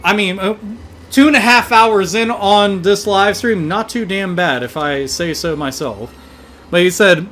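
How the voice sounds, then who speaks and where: A man hosting a gaming livestream, ranting in animated, profane casual chat and thanking donors. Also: high voice, measured pace, a little hiss or hum.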